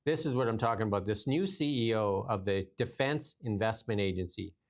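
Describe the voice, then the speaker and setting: A man's voice: fairly low pitch, fairly quick. A man hosting casual political commentary, reading news items aloud and mocking them sarcastically. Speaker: podcast host.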